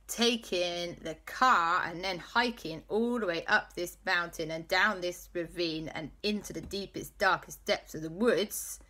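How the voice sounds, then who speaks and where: A woman's voice: medium pitch, pushed and bright, heavily acted. A woman voicing herself as a cheerful, scatterbrained auntie adventurer, gushing and overconfident. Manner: gushing, overconfident, rises to squeals.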